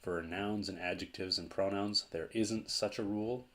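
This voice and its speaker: A man's voice: fairly low pitch, steady tone, moderate pace. A man teaching a language lesson in a patient, explanatory way, repeating key points for emphasis.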